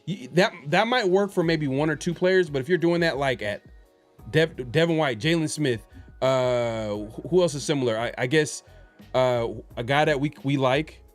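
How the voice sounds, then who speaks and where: A man's voice: fairly high pitch, normal speed, faint music behind. Rambling male sports podcaster. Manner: rambling, hesitant, many fillers and restarts. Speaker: podcast host. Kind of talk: casual sports podcast chat.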